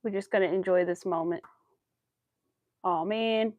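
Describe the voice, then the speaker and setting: A woman's voice: mid-range voice, steady tone, measured pace, dry recording, narrow, tinny audio. A woman crochet vlogger chatting casually to her viewers and her dog, cooing baby talk at the pet.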